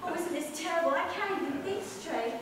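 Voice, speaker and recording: A jittery, stammering suburban mother, acted by a woman on stage in a high voice. She sounds far off in a big echoing hall, with a long reverb and some clear background noise from the room. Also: a little fast. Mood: flustered. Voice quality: flustered, stammering, fretful. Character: nervous married suburban mother, flustered. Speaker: amateur stage actress. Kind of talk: live amateur stage play. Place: theatre stage.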